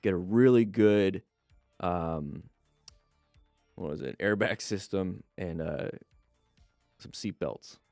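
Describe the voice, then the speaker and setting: A man's voice: deep voice, slow, long pauses, darkish tone, dry recording, faint music behind. A man hosting a casual live stream, chatting to viewers and greeting them as he reads their comments. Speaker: live stream host and riding instructor.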